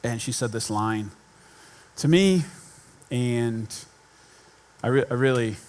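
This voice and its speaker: A pastor with a medium-pitched, somewhat dark voice delivers a slow, conversational sermon. He pokes fun at himself and repeats key points for emphasis.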